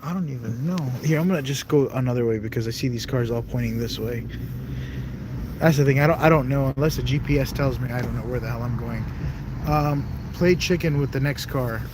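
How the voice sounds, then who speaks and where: Man, casual driving vlog commentary, chatty, self-talking, mid-pitched, road noise. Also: moderate pace. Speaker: vlog host. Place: inside a car while driving.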